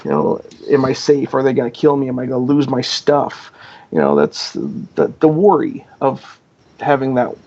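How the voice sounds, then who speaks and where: A man's voice: mid-range voice, sing-song, normal speed, a little mellow. A man chatting as a podcast guest, rambling and filling his talk with "you know", acting out quoted dialogue. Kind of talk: casual podcast chat. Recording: dull lo-fi audio.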